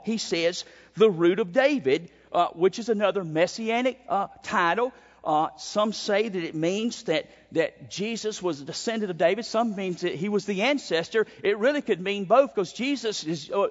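A male pastor preaching a sermon, emphatic, with sudden swings in pitch and pace. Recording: dull sound with long hall reverb.

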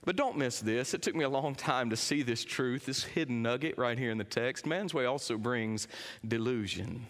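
A middle-aged man preaching a sermon, swinging between quiet, low lines and raised, emphatic ones. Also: moderate pace. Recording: long reverb of a big hall.

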